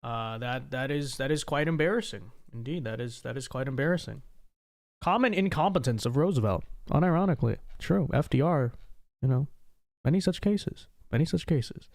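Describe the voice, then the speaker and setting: A man's voice: mid-range voice, expressive, moderate pace, darkish tone. Stammering man hosting a livestream. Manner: stammering repeats, frequent tag "okay?". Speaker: livestream host. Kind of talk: casual livestream chat reading super chats.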